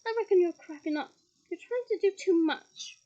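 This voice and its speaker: A woman's voice: extremely high pitch, moderate pace, mellow, highs cut off, voice pushed up. Woman reading as a blunt teen schoolboy wizard, plain and casual. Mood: worried.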